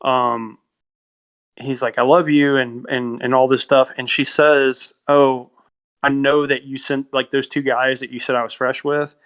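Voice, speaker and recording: A man's voice: mid-range voice, little pitch movement, a little slow, a bit bright, smooth. Rambling man retelling a film plot. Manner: rambling retelling with many fillers and quoted lines. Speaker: podcast co-host. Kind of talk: casual film discussion.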